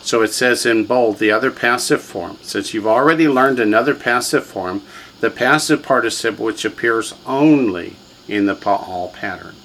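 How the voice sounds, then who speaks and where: A man's voice: fairly low pitch, moderate pace, a bit bright, a little hiss or hum, low-quality recording. A man teaching a classroom lesson, drilling students with repetition and quiz questions. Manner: drills students, has them repeat words, quizzes them. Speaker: language teacher.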